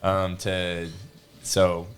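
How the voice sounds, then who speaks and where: A man narrating as game master, halting and relaxed, with many fillers. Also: low voice, a little hiss or hum. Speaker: dungeon master.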